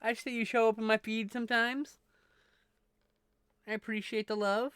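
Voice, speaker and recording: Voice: medium pitch, level tone, moderate pace, smooth, no echo. A live streamer chatting casually with viewers, thanking them and swearing freely. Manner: greets and thanks viewers warmly.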